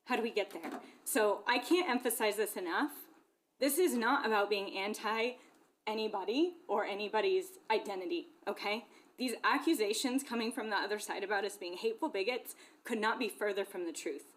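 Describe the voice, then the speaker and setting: A young woman from Glendora, California, a parent giving an impassioned public comment at a school board meeting. She talks earnestly and keeps checking in with her listeners. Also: a little high. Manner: earnest, repeatedly checks in with "okay?".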